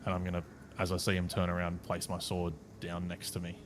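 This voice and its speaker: A man's voice: low voice, completely flat delivery, a little fast. A man, playing a tabletop game, crude and blunt with lots of swearing. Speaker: player. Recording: noisy background.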